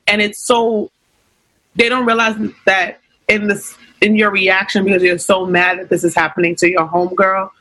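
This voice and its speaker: A young woman, talking in a relaxed conversation. Her voice is bright and a little husky. She tells a candid story and slips into the voices of the people she quotes. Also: fairly low pitch, poor audio. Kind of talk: casual chat.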